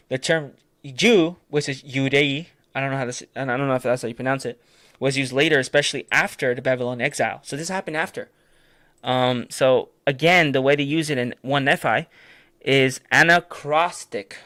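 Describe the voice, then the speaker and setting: Leading a casual late-night Bible study stream, a man speaks hesitantly with many fillers, stumbling over terms and correcting himself as he answers viewers' comments in passing. His mid-range voice is a bit bright, with no echo.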